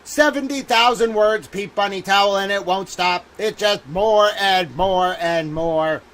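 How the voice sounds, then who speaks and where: A man's voice: high-pitched, a little slow, fairly bright tone. A man hosting a livestream, ranting in an exasperated, theatrical way, swearing often and repeating himself. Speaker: livestream legal commentator. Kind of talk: solo livestream rant.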